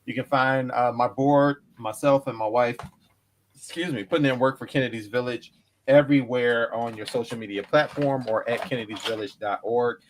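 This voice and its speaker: A man's voice: medium pitch, fairly even intonation, normal speed, slight background noise. Easygoing man making casual announcements. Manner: laughing, easygoing, loose with fillers. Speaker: podcast co-host, charity organizer.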